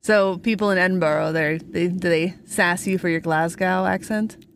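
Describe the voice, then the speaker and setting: Young woman podcast host, playful and chatty, quick to laugh, casual interview at a gear show. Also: lowish voice, steady tone, a little hiss or hum. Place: busy gear show floor.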